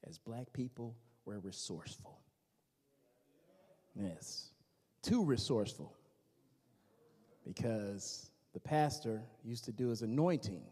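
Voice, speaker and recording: A man's voice: on the low side, slow pace, long pauses, breathy edge. A man from the American Midwest doing teasing stand-up comedy and crowd work before a live audience in a church hall. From Gary, Indiana, USA. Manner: animated, teasing, talks straight to the audience.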